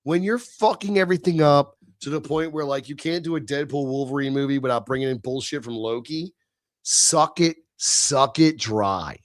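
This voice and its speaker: A man's voice: medium pitch, moderate pace, no echo, clean studio sound. A middle-aged man hosting a livestream, venting in a heated, profane, sneering rant. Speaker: livestream host. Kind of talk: ranting livestream monologue.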